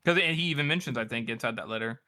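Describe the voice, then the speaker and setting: A man's voice: medium pitch, rapid-fire, pushed and bright. A man co-hosting a podcast, talking through his thoughts in a hedging way, full of "like" and restarts. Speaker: podcast co-host. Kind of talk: casual book discussion.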